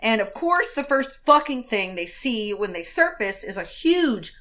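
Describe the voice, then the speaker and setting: A woman's voice: on the high side, very animated, unhurried, a bit bright. A woman co-hosting a podcast, chatting and laughing through an episode recap, swearing casually. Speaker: podcast co-host.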